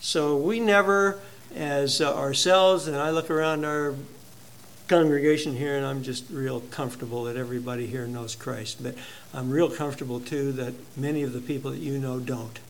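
A male pastor preaching a sermon in a conversational, halting way, telling a personal story to his congregation. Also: mid-range voice, fairly even intonation, slight background noise.

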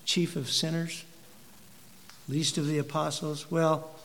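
A man's voice: a little high, little pitch movement, slow pace, vocal fry, fairly bright tone, big-room sound. A man preaching a sermon, building emphasis and asking the congregation rhetorical questions. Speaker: pastor.

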